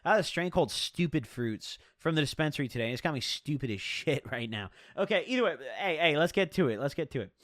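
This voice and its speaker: Young dude rambling through a wild story, swearing a lot, high voice, dry sound. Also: male voice, expressive, fast talker, few pauses, fairly bright tone, dry recording. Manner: rambling, profane, slangy. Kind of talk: casual storytime vlog.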